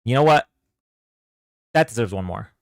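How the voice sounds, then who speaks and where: A man's voice: mid-range voice, animated, moderate pace, creaky, a little hiss or hum. A young man hosting a casual livestream, chatting loosely and thanking viewers for donations as he goes. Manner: chatty, thanks donors, reads chat aloud. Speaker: livestream debate host.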